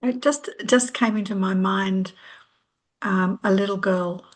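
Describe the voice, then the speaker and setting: A woman's voice: mid-range voice, steady tone, a little slow. A middle-aged woman, a healer, sharing reflectively on a video call in a hesitant way with many ums. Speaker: healer, workshop participant. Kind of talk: casual sharing.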